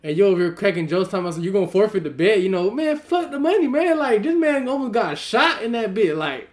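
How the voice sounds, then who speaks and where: High-voiced man sounding off, profane. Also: expressive, fast talker. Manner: emphatic, profane, indignant commentary. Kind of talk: casual podcast reaction.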